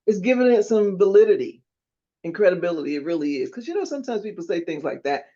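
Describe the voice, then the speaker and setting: Animated woman host, dull lo-fi sound. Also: fairly low pitch, fast. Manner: warm, laughs along, animated interjections. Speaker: podcast host. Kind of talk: casual interview chat.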